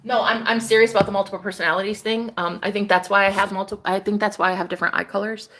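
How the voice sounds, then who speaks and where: A woman's voice: mid-range voice, fairly even intonation, rapid-fire, fairly bright tone, a little hiss or hum. A woman hosting a spiritual livestream, delivering a fiery, profane, preachy rant straight to her viewers. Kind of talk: ranting livestream monologue.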